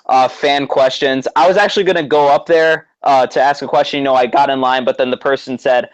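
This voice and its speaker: A man excitedly recounting a story in casual chat, with many fillers and restarts. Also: medium pitch, a little fast, dull audio. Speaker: guest co-host.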